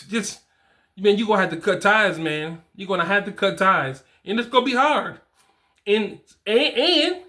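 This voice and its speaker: Speaking to camera, this man in his 40s coaches fathers with blunt, slangy advice, hammering his points by repeating them. His high-pitched voice sounds pushed and bright.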